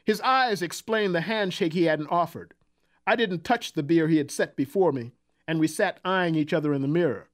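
A man telling a first-person literary story in a measured, reflective manner. His voice sits fairly high for a man, and his delivery has a wry, thoughtful edge.

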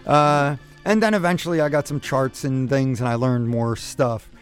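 A man's voice: mid-range voice, steady tone, normal speed, smooth. A man hosts a call-in radio advice show in an ordinary mid-range voice. He rambles, restarts his sentences and corrects himself as he hands out friendly advice. Faint music plays behind him. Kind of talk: casual call-in chat.

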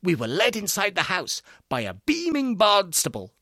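A man narrating a comic serial story in a deadpan, drily funny manner. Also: high voice, normal speed, no room sound, studio quality.

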